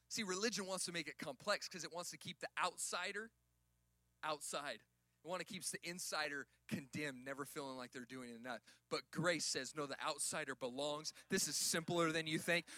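A pastor preaching to his church, his voice high and bright. He drops low and quiet for stories, then climbs to loud, shouted calls. The sound is dry and close. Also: moderate pace, no room sound. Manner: preaching, builds to shouted emphasis. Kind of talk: sermon.

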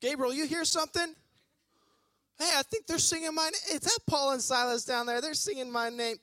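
A man's voice: very high voice, normal speed, no room sound, pitched above the performer's own voice. A man voicing God in heaven as a playful, chatty figure who delights in being sung to. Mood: amused. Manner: excited, chatty, exclaiming.

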